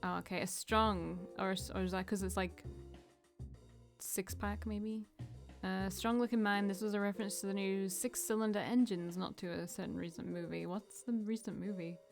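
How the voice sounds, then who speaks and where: A woman's voice: mid-range voice, steady tone, moderate pace, gravelly, faint music behind. A woman reading a visual novel aloud as a let's play, breaking off to chat and joke about the old slang. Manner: reads lines then chats and jokes about the slang.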